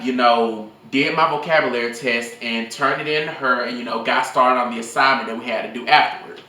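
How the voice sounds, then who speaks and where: A man's voice: mid-range voice, distant mic. Young man rambling into an echoey phone. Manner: rambling, profane, animated storytelling. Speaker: vlogger telling school stories. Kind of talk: casual storytelling vlog.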